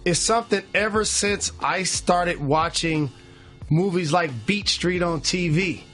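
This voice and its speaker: A man co-hosting a podcast in easygoing, measured talk. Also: high voice, fairly bright tone, faint music behind. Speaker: podcast co-host. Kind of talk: casual podcast banter.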